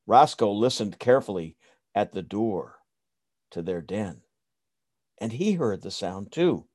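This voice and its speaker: A man reading a bedtime story in a soothing, expressive way. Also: fairly low pitch, unhurried, no echo, clean studio sound.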